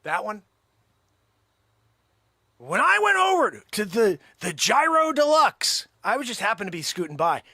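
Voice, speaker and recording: A man hosting a comic monologue, telling a story in an animated, exaggerated way. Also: high-pitched, measured pace, pauses often, dry recording, clean studio sound. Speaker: host.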